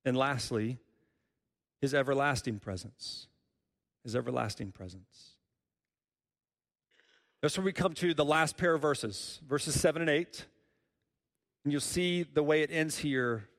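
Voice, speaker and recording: A man's voice: on the high side, normal speed, in a large hall. A man preaching a sermon as a pastor, earnest and repeating key phrases for emphasis.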